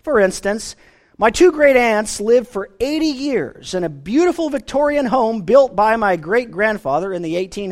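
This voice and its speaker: Male pastor giving a sermon, fairly high voice that swings up and down a lot. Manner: earnest preaching, rising and falling emphasis.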